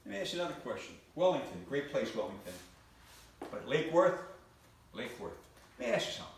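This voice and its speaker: A man's voice: medium pitch, very animated, a little fast, vocal fry, a little hiss or hum. A male stand-up comedian on stage, teasing and quizzing the audience. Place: live stage before an audience. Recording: echoey hall from far off.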